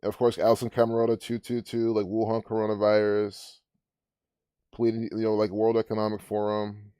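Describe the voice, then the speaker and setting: A man's voice: on the low side, completely flat delivery, moderate pace, mellow, clean tone, no room sound. Scornful man giving dry commentary. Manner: scornful, sarcastic, breaks into laughter. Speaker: commentary channel host. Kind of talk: casual video commentary.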